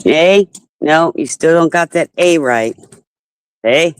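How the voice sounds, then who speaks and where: A woman's voice: low voice, lively intonation, a little slow, clear, resonant tone, no room sound, poor audio. A woman hosting a casual group chat, teasing her guests and laughing often. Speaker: host of an open chat panel.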